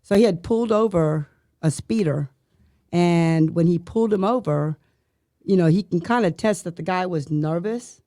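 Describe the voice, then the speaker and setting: A woman's voice: fairly low pitch, moderate pace, dry recording, clean studio sound. A middle-aged woman, a guest on a podcast, telling a long anecdote and mimicking the sounds in it. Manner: lively storyteller who mimics sounds and voices. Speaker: guest, surviving spouse of an officer.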